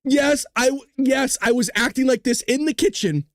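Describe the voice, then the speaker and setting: A man's voice: very high-pitched, normal speed, hardly any pauses, dry recording, studio quality. Profane, joking male stream host. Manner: profane, joking, breaks into giggling laughter. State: tired from staying up late. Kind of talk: casual news commentary livestream.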